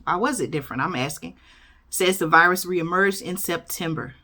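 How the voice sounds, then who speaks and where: Chatty woman with a bright voice. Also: on the low side, normal speed. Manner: chatty, keeps adding "okay?" and "y'all", stumbles and corrects herself. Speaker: YouTube host reading news. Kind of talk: casual commentary reading an article aloud.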